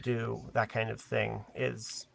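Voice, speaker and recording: A man's voice: lowish voice, completely flat delivery, takes it slowly, gravelly, a little hiss or hum. A man in a casual panel chat, speaking hesitantly with many fillers. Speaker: podcast panelist.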